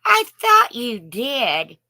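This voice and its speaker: Slow-talking chatty woman with a bright voice. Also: a little high, wildly swooping pitch, dry recording. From Indiana. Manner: chatty, folksy, greets viewers by name. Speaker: live stream host. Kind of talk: casual live chat with viewers.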